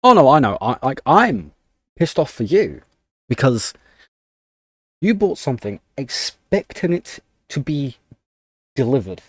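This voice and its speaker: A man's voice: mid-range voice, big pitch swings, takes it slowly, pauses often, no room sound, studio quality. A young man chatting casually on a live stream, ranting in annoyance while typing commands at his desk. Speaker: livestreamer.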